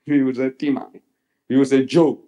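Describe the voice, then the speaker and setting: An older man giving a public religious lecture, rhetorical and animated, quoting others in voices. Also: medium pitch, normal speed. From South Africa. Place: lecture hall.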